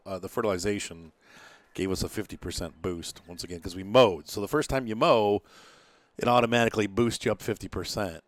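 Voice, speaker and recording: A man with a fairly low voice talks through his farming game session, thinking aloud as he goes. He rambles, restarts his sentences and fills pauses with ums and uhs. He sounds tired, as if fighting off yawns. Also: no echo. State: tired, yawning. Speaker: gameplay commentator. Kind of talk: casual let's-play commentary.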